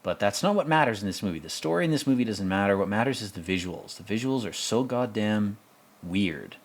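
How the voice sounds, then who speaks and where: A man with a fairly low voice talking through a film in loose, off-the-cuff commentary. He rambles, restarts his sentences, and swears bluntly as he goes. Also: animated, a little fast. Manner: rambling, blunt and profane, with many fillers. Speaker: podcast host. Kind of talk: casual movie commentary.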